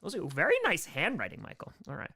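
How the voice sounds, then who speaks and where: A man with a New York accent hosts a live stream, reading fan mail and viewer questions in a casual, excitable way. His pitch swings widely, and his voice has a bright, forceful edge. He keeps repeating his thanks and breaks into hype shouts. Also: quick pace, vocal fry, slight background noise. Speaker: sports comedian hosting a live stream Q&A.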